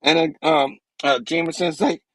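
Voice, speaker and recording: A man hosting a show who recaps a comic book in an animated, rambling way and chuckles often. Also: on the high side, moderate pace, dry recording, poor audio. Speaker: host.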